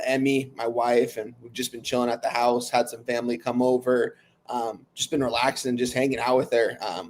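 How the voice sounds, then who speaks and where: Young male guest on a video call, relaxed and friendly, warm-hearted casual chat. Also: medium pitch, a little hiss or hum. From Los Angeles, California. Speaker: guest sports handicapper.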